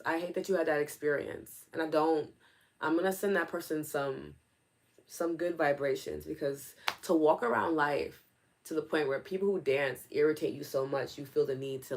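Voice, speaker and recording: A woman's voice: low-pitched, creaky. A woman coach hosting a live session, answering viewer comments by name in a casual, conversational way full of fillers. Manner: conversational, with many fillers like "like" and "you know"; speaks directly to viewers by name.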